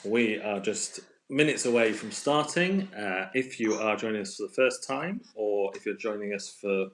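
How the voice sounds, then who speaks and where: A man's voice: lowish voice, moderate pace, a bit bright, slight background noise. A man hosting a casual live-stream quiz from home on a phone, chatty and playful, laughing often. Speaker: quiz host.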